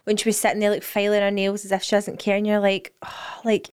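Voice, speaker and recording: A woman's voice: mid-range voice, monotone, quick pace, smooth. A woman co-hosting a podcast, blunt and opinionated, swearing freely in casual chat. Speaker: podcast co-host.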